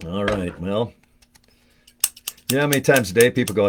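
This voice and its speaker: A man's voice: fairly low pitch, lively intonation, normal speed, pauses often, background noise. A man chatting casually on a live stream as he opens a gift, rambling with crude jokes and frequent laughs. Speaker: vlogger opening a gift on camera.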